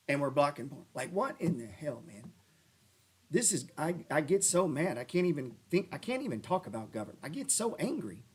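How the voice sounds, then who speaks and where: Guy going off about stock charts, swears a lot, talks kinda high, rambles. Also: slightly rough. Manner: rambling, profane, swings into loud rants. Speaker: stock trading show host. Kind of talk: casual livestream chat over stock charts. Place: lives in New Orleans.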